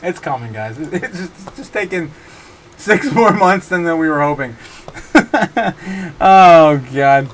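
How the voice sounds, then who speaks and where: A man with a voice on the high side hosts a laid-back livestream, slowly reading out viewer chat and wandering off on tangents, his intonation lively. He keeps collapsing into helpless laughter, with lots of fillers and false starts, and there's a little background noise.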